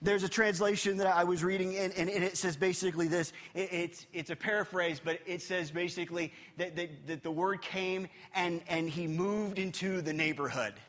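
A man preaching a sermon as pastor in a church hall. He is emphatic and swings between loud and hushed, repeating words as he gathers his thoughts. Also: sits high, fairly even intonation, moderate pace, few pauses.

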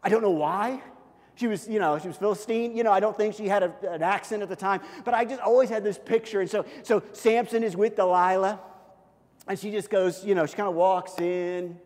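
A man's voice: sits high, brisk, a little mellow, big-room sound. A middle-aged male pastor preaching a sermon in a conversational, self-deprecating storytelling manner.

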